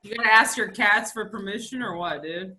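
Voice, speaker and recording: Woman podcast cohost going off on a rant, cursing a lot, bright sharp voice. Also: medium pitch, a little fast. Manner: profane, ranting storyteller. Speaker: podcast co-host. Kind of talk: casual comedic chat.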